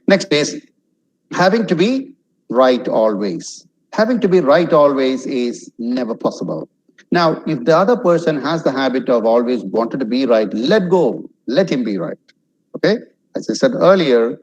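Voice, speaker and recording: A man's voice: mid-range voice, darkish tone, low-quality recording. A middle-aged man from India giving a webinar talk on social skills, speaking conversationally with many fillers and acting out little example lines.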